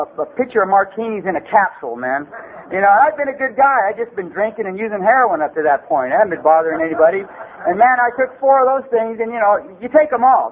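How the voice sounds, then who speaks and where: A middle-aged man from the Los Angeles area telling a comic personal story at a recovery meeting, rambling loosely and dropping "man" and "you know" everywhere. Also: sits high. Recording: tinny phone-like recording with faint hiss.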